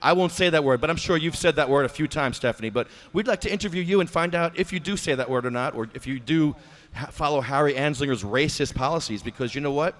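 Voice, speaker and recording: A man's voice: fairly high pitch, fast talker, a bit bright. Abrasive, mocking male podcast host. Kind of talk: ranting talk show with prank-style phone call.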